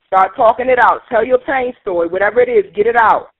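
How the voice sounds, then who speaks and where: A woman's voice: fairly high pitch, very animated, fairly quick, vocal fry, husky. Workshop leader, female, emphatic coaching voice, phone-line sound. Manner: emphatic, urging, rising to near shouts. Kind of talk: guided emotional release exercise. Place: teleconference call. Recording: tinny conference call line.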